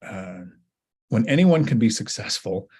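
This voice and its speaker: A man hosting a casual livestream Q&A, talking in a rambling way with halting restarts. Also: on the low side, animated, a little mellow, breathy edge. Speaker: host.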